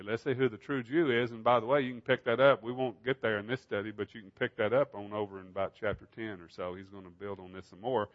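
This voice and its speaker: A man's voice: mid-range voice, muffled recording. A man preaching a Bible study sermon in an emphatic style, asking rhetorical questions.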